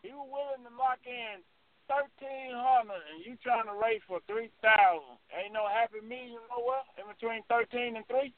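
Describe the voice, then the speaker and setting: A man's voice: extremely high pitch, normal speed, no echo. A man stepping in to mediate a race bet on a call, reasoning and insistent. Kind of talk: phone negotiation. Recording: tinny phone line.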